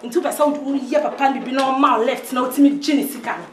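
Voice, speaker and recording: An actress playing an excitable, scheming Ghanaian woman who mixes Twi and pidgin English in a film scene. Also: sits high, rapid-fire, crowd noise, close to an everyday voice. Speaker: film character. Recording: echoey room with loud film music.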